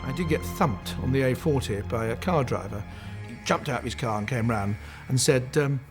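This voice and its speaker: A man's voice: medium pitch, lively intonation, normal speed, husky, soft background music. Wry man telling anecdotes. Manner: wry, self-mocking storyteller. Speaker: actor being interviewed. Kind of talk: anecdotal interview.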